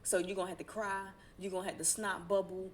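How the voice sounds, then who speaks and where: A woman's voice: medium pitch, level tone, fast talker, slight background noise. A woman giving a casual tarot reading, talking in a blunt, preachy and colloquial way and swearing now and then. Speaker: tarot reader.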